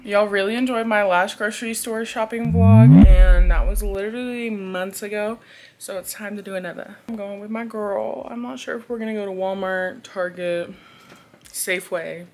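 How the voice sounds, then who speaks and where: Young woman, casual vlog chat, blunt, swears, mid-pitched voice, faint background noise. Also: darkish tone. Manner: chatty, blunt, swears freely, uses "y'all". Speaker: lifestyle vlogger. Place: at home indoors. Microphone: compact camera held close.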